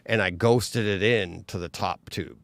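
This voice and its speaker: A man with a low, gravelly voice tells an animated story in a casual podcast chat. He keeps switching into the voices of the people in his story. The sound is dry and close to the mic. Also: a little slow, no room sound. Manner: animated storyteller who acts out other people's lines.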